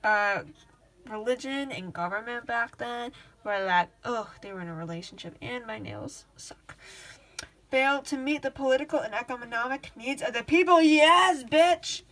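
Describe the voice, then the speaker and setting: Excitable chatty young woman explaining. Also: fairly high pitch, moderate pace. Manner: excitable, gushing, slangy with swearing; chatty, rambling with restarts. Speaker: student tutor. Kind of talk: casual study-guide talk.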